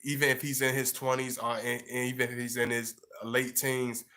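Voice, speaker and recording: A man's voice: mid-range voice, flat delivery, moderate pace, sharp tone. A man giving casual relationship advice to camera, rambling with lots of fillers and repeats. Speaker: relationship and astrology advice vlogger.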